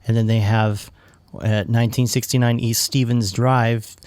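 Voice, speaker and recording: A man's voice: medium pitch, little pitch movement, measured pace, darkish tone, dry recording. A man co-hosting a podcast, chatting casually and joking with frequent restarts. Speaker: podcast co-host. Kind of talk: casual chat.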